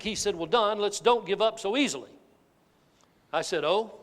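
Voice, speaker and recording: Man, high-pitched, animated folksy storytelling, stage speech, long hall reverb. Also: normal speed. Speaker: motivational sales speaker. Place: large hall with an audience.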